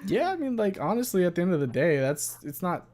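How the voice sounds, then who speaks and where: A man hosting a casual chat, joking and swearing freely in an animated way. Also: sits high, a little fast. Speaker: host.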